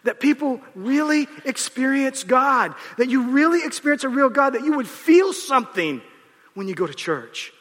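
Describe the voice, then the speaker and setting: A man in his fifties, a pastor preaching a storytelling sermon in an animated way, often acting out the people he quotes. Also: very high-pitched, normal speed. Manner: animated, acts out quotes, restarts. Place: large church auditorium. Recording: reverberant hall.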